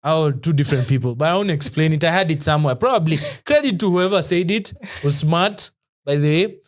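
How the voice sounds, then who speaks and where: A man with a Kenyan accent co-hosting a podcast, a lively storyteller who often laughs and mixes slang into casual chat. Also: fairly high pitch, fairly quick. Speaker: podcast co-host.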